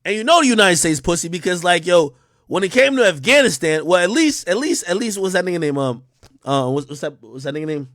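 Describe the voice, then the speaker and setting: A man rants on a livestream in a loose, profane way and breaks into mocking impressions. His voice sits high and swings wildly in pitch. The sound is dry and close, with no room around it. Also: expressive, brisk, fairly bright tone, dry recording. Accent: New York. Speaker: livestream host. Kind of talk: unscripted livestream rant.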